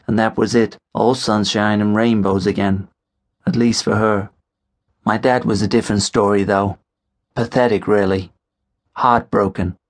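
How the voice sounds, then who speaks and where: A man narrating an audiobook in the first person, telling the story in a measured way. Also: on the low side.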